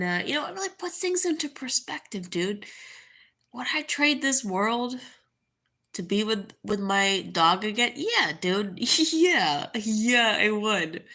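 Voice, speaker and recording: A young woman with a bright, sharp voice speaks slowly and haltingly, stopping and restarting often. She sounds caught up in her grief as she talks to camera in a casual monologue. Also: medium pitch. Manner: halting, grieving, full of fillers and restarts. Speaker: vlogger.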